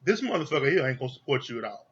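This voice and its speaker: A man's voice: mid-range voice, very animated, racing, fairly bright tone, husky, lo-fi sound. A man giving a heated, profane rant reviewing a reality TV show, exasperated and repeating his points for emphasis.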